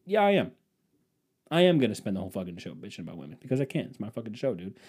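A man's voice: on the low side, very animated, very fast, darkish tone, breathy edge. A man hosting his own podcast, delivering a profane, sarcastic, rambling comedic rant. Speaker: podcast host. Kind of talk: casual comedic monologue.

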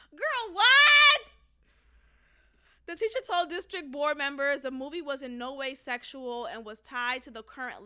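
A woman's voice: high-pitched, pushed and bright. A woman hosting a podcast and talking bluntly, profanely and with frequent laughter in casual opinionated commentary. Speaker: podcast host; former teacher.

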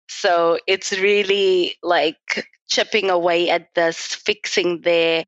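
A young woman with a South African accent talks through her past in an unhurried, measured way, breaking into laughter now and then. Her voice sits a little low. The recording is dry and slightly muffled. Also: fairly even intonation, a bit bright, no echo. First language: Afrikaans. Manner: reflective, laughs often, measured. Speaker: guest. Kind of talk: casual interview conversation.

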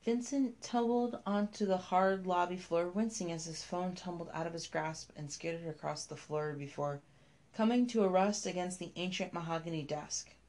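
A woman reading a scripted story aloud, telling it in a measured, even way. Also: lowish voice.

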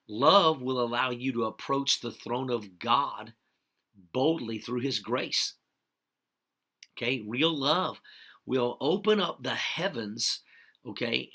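A man's voice: mid-range voice, bright, forceful tone. A man preaching a livestreamed sermon, greeting viewers by name and hammering each point home with repeated "okay?" checks. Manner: emphatic, repeats key points with frequent "okay?".

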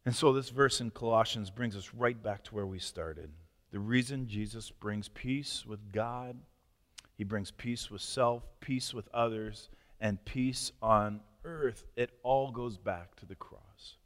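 A man preaching as a pastor, speaking earnestly and often dropping to a hushed near-murmur before leading a prayer. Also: lowish voice, unhurried. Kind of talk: sermon and closing prayer. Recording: long reverb of a large hall.

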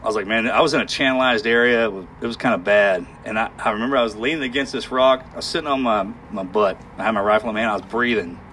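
Man recounting a harrowing ordeal haltingly. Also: on the low side, sharp tone, a little hiss or hum. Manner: halting, emotional, with sighs and restarts. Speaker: guest telling a war story. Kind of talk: candid storytelling in conversation.

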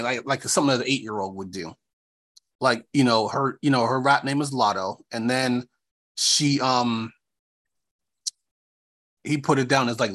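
Man from new york, podcast co-host, casual chat, middle pitch, rambling. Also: a bit bright. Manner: rambling, filler-heavy, restarts often.

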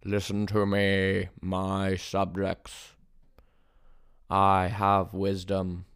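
A man putting on the voice of a grandiose young prophet who declares himself a god, slow and pompous. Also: monotone, fairly bright tone, smooth, no echo, clean studio sound, exaggerated voice. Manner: slow, booming, pompous proclamations.

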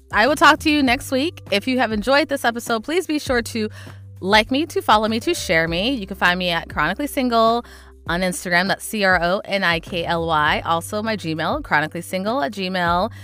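A young adult woman hosting a podcast, telling a dating story in a casual, animated and exasperated way, with lots of "like". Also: medium pitch. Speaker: podcast host.

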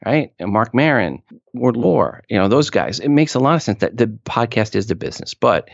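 A man talking as an expert guest in an interview, explaining with emphatic asides and quick restarts. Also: mid-range voice, big pitch swings, creaky, no room sound, highs cut off. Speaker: podcast industry expert guest. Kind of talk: conversational interview answers.

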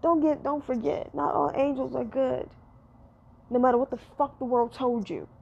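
A woman's voice: high-pitched, moderate pace, vocal fry, darkish tone, husky, muffled recording. A woman giving a blunt, profane rant, often repeating herself for emphasis.

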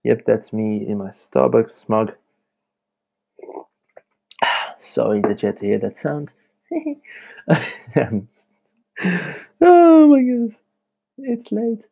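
A young man talking on his own podcast late at night from home, with a gravelly, dark-toned voice. He rambles from thought to thought in a loose, chatty way and laughs between sentences. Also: medium pitch. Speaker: podcast host. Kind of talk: casual late-night monologue.

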